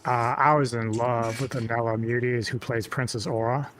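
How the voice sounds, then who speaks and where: An enthusiastic man talks about a film in a casual, excitable way, sprinkling in swear words, while a clear crowd murmur carries behind his voice. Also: medium pitch, moderate pace. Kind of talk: casual chat.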